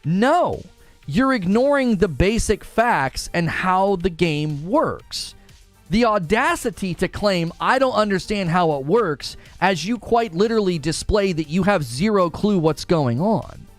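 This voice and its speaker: A man's voice: high-pitched, expressive, measured pace, no echo, faint music behind. A man ranting sarcastically in a video commentary about a game, exasperated and mocking. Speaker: gaming commentator.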